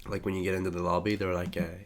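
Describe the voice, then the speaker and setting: A man's voice: low voice, little pitch movement, very fast. A young man co-hosting a podcast, rambling and joking through a casual story. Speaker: podcast co-host. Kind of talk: casual chat.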